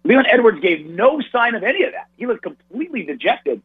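A man breaking down a fight in a quick, animated, analytical way, often restarting his sentences. His voice comes through husky and narrow, like a phone call, with no room sound around it. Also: high voice, no echo. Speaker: radio and podcast host, guest analyst. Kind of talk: casual sports analysis.

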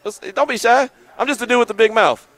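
A man hosting a sports radio show live from a sports bar, telling stories in animated casual slang. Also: very high-pitched, fairly quick. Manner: animated storytelling, drawling slang.

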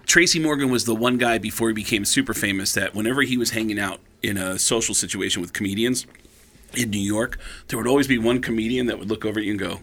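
A man who is a stand-up comedian, telling stories in an animated, casual way as a guest. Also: lowish voice, a little hiss or hum. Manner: animated, quick shifts into voices. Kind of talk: casual storytelling chat.

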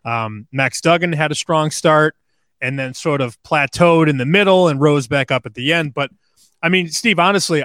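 A man's voice: a little high, fairly bright tone, dry recording, clean studio sound. A man appearing as a sports betting analyst guest on a radio show, talking in a conversational, storytelling way. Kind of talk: radio interview.

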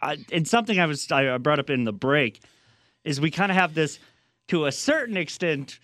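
A man co-hosting a sports talk show, joining in with relaxed, joking remarks. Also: fairly high pitch, moderate pace, dry recording, studio quality. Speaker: sports radio host. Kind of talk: casual talk show banter.

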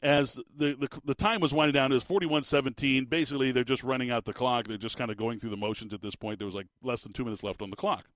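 A man hosting a casual sports talk show, rambling and animated with lots of restarts. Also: mid-range voice, fast, few pauses, no room sound. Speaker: sports podcast host.

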